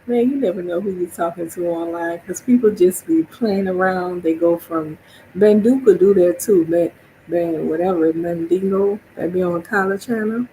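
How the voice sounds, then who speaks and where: New orleans lady on a stream, talks loose and laughs a lot, soft dark voice. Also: on the low side, normal speed, slight background noise, poor audio. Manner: chatty, laughs often, acts out quoted reactions. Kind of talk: casual monologue stream.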